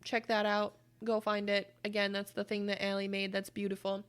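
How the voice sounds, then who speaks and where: A woman's voice: mid-range voice, completely flat delivery, moderate pace, clean tone. A woman co-hosting a podcast in casual chat, blunt and profane, acting out quoted voices as she tells stories. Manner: acts out quoted voices while telling stories. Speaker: podcast co-host.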